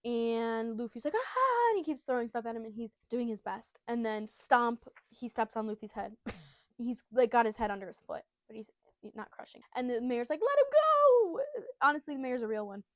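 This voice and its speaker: A woman's voice: a little high, fairly even intonation, fairly quick, a little mellow, no echo. A woman giving a casual, giggly and profane retelling of a comic chapter. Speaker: storyteller.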